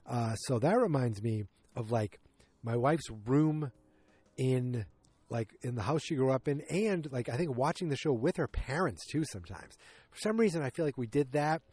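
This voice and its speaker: A man's voice: mid-range voice, animated, moderate pace, a little mellow, slightly rough, no echo. A man hosting a podcast, casually recapping an episode with rambling asides and quoting characters in raised voices. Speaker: podcast host.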